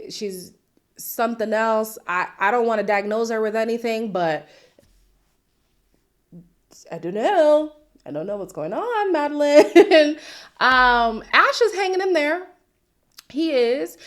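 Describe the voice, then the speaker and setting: A woman with a mid-range voice chats through a reality TV recap. She sounds incredulous and sassy, with quick asides. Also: mid-range voice. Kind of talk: casual recap commentary.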